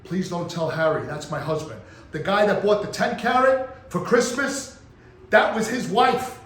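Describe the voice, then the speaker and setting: A man voicing a flustered woman who fakes a sudden sickness and pleads, in a shrill, groaning voice. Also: a little slow, a bit bright. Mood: pleading. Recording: echoey room with faint ambience.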